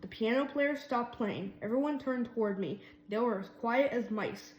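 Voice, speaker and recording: Woman reading a kids' story aloud, slightly high voice, lively, in a roomy space. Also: moderate pace, a little hiss or hum. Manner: lively, voices each mouse character. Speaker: reader.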